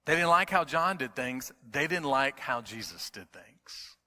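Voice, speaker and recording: A middle-aged man preaching a sermon as pastor. He is emphatic, repeats key words, and moves between quiet storytelling and loud preaching. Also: medium pitch, big pitch swings, a little slow. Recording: long hall reverb.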